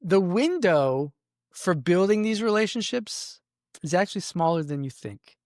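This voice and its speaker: A middle-aged man talks earnestly about business, leaning into his stories with emphasis. His voice sits a little high for a man. The sound is dry and close, with no room echo. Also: sing-song, a little slow. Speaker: podcast host. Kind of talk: motivational business talk. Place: his office.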